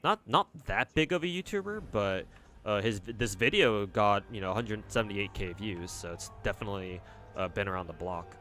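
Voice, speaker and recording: A man with a somewhat low voice talks through a game stream in a loose, rambling way, answering chat bluntly and swearing without a second thought. Faint game music sits quietly underneath his voice. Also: lively intonation, normal speed. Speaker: livestreamer. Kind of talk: casual commentary while playing and reading chat.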